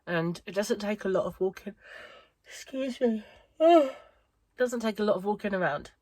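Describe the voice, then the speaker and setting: A woman's voice: medium pitch, moderate pace, a little mellow, no room sound. A middle-aged woman with a wheezy chest chatting in a tired, rambling way for her crochet vlog. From United Kingdom. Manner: rambling, chatty, self-interrupting. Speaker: crochet vlogger. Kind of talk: casual chat vlog.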